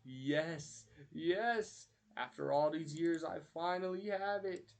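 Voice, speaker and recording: A man's voice: medium pitch, steady tone, takes it slowly, darkish tone, lightly acted. A man voicing a small scheming male cartoon villain who gloats in triumph. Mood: gloating.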